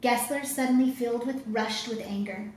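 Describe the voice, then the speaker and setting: A woman telling a children's story with dramatic, expressive reading. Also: a little high, normal speed. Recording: roomy echo, faint ambience.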